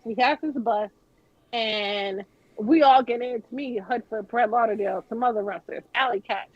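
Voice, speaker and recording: Animated storytelling woman, husky voice. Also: on the high side, normal speed, no room sound, lo-fi sound. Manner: animated, swears freely, acts out quoted people. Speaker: guest. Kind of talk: casual storytelling on a podcast.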